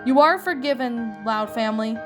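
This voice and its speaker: A woman's voice: fairly high pitch, moderate pace, fairly bright tone, soft background music, lightly acted. Lincoln, an earnest cartoon boy, read by a woman. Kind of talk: storybook reading.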